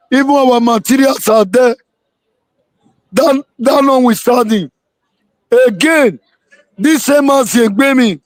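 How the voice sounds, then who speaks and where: A man's voice: very high voice, no echo. A man, a political guest calling in to a live interview and speaking emphatically, repeating words for weight.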